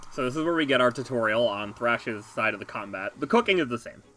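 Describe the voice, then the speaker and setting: Bright-voiced chatty gameplay host. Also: male voice, medium pitch, quick pace. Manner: relaxed, chatty, laughs easily. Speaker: let's play host. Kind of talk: casual gameplay commentary. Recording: game music behind.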